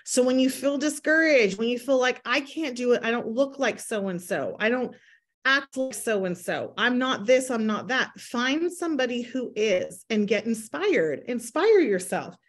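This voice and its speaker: A woman's voice: a little high, lively intonation, measured pace. A woman in her thirties giving a motivational talk to her sales team, acting out inner voices in quoted asides. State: pregnant, near her due date. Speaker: network marketing team leader.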